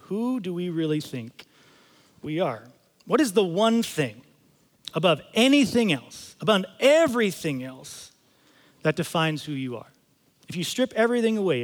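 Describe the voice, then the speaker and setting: A male pastor delivers a sermon in a fairly high voice, moving between scripture reading and casual, emphatic storytelling. His voice carries a long reverb from a church auditorium. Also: fairly bright tone. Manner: conversational storytelling, emphatic asides. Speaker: campus pastor.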